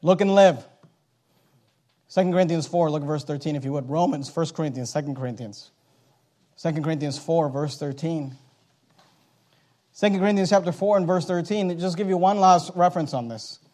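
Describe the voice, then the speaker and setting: A man preaching a sermon, reading scripture aloud and swinging from quiet asides to loud, slowed-down emphasis. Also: fairly high pitch. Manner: reads King James scripture aloud, slowing for emphasis.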